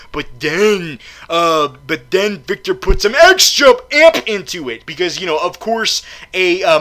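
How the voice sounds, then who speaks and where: A man's voice: high-pitched, sharp tone. A man recapping a film in a casual, comedic way, rambling and profane, stammering with many fillers. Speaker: film reviewer.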